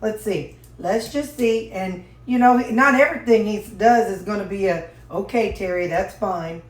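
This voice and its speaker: A woman's voice: medium pitch, normal speed. Woman, casual cooking vlog, chatty, folksy, echoey home kitchen, dish clatter. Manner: chatty, folksy, talks to viewers as y'all.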